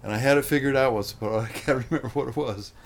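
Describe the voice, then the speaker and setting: A man's voice: medium pitch, quick pace. A man in casual conversation, rambling in a folksy way and often saying "man".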